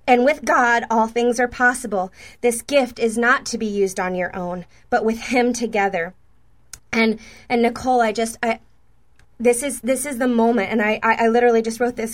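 A woman's voice: on the high side, steady tone, moderate pace. A woman minister giving spontaneous prophetic words and prayer to named viewers, fervent and repetitive with many stammered restarts.

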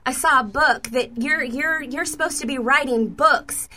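A woman's voice: high-pitched, moderate pace, bright, forceful tone. A woman minister giving spontaneous prophetic words and prayer to named viewers, fervent and repetitive with many stammered restarts.

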